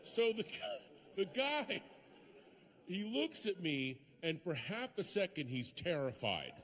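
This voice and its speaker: A male stand-up comic with a fairly high, wildly lively voice that swings up into shouted bits. He works a large theater stage on a handheld mic. His voice rings out into a hall with a long reverb tail. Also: takes it slowly. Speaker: stand-up comedian. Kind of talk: stand-up comedy.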